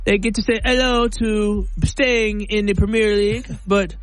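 A man's voice: high-pitched, steady tone, unhurried, dry recording, faint music behind, low-quality recording. A man co-hosting a sports podcast, bantering and joking in casual talk.

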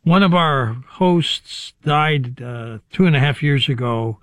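A man's voice: medium pitch, slow, a bit bright, dry recording. A man hosting a talk show who asks short questions. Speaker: radio show host. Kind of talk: casual radio talk.

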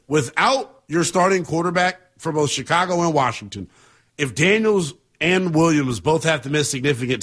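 Husky sports radio guy ranting about football, pretty high voice. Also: fairly bright tone. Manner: passionate, emphatic, conversational. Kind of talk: sports talk commentary.

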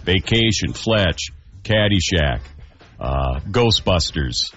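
A man's voice: sits low, expressive, slow pace, a bit bright, highs cut off. A man hosting a radio show, chatting in a rambling, casual way. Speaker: radio host.

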